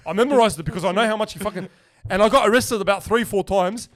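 A young man hosting a podcast, chatting casually and telling stories in an excited, animated way full of slang. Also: high voice, quick pace, no echo, studio quality. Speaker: podcast host. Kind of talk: casual chat.

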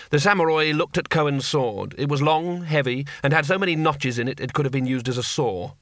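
A man narrating an audiobook with expressive storytelling. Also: fairly high pitch, fairly quick, few pauses, no room sound, studio quality. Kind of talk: scripted narration.

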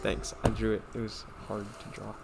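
A woman's voice: rumbling low, monotone, normal speed, gravelly, heavy background noise. A woman co-hosting a podcast in a casual group chat, playful and joking. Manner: playful, joking and laughing often. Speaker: podcast co-host.

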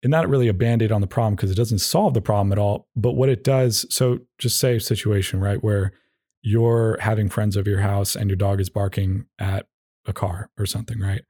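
A man's voice: fairly low pitch, a little fast, warm tone, breathy edge, dry recording, studio quality. A man hosting a solo podcast, talking in a casual, rambling and opinionated way with a wry edge. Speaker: podcast host.

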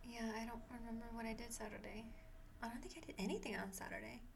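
A young woman in her twenties co-hosting a podcast, teasing her friend with quick, slangy replies. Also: a little high, steady tone, gravelly, a little hiss or hum. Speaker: podcast co-host. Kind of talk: casual chat.

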